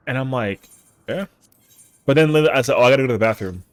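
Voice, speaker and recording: A man's voice: mid-range voice, animated, rapid-fire, long pauses. A young man streaming an online game, chatting casually and making playful, boastful jokes full of slang. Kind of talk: casual chat while gaming.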